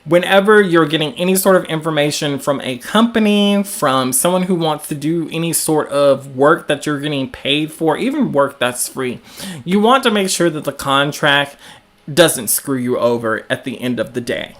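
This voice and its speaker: A host with a Southern US accent talking through a live stream in an easygoing, rambling way. The voice sits at a middle pitch and leans on "like" as a filler, stopping now and then to answer viewer comments. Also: animated, moderate pace. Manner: frequent "like" fillers.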